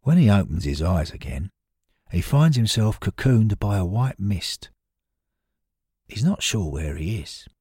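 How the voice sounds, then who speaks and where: A man narrating a story in an expressive, dramatic scripted manner. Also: fairly low pitch, a little slow, long pauses, slightly rough, no echo.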